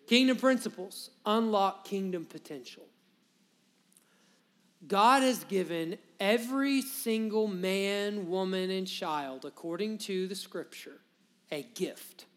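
A man's voice: high voice, takes it slowly, a bit bright. A young adult man from Alabama, preaching a sermon to his congregation in a casual, storytelling way with rambling asides. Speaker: pastor. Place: church sanctuary with a congregation.

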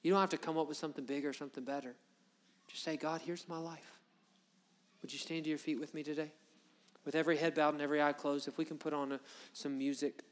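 A middle-aged man preaching from the pulpit, his voice sitting a little high for a man. He delivers the sermon with passion, swelling louder when he drives a point home. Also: level tone, racing. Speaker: pastor.

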